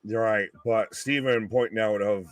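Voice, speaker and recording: A man co-hosting a casual live wrestling commentary stream, excitable and swearing freely. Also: fairly low pitch, normal speed, no room sound. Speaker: co-host.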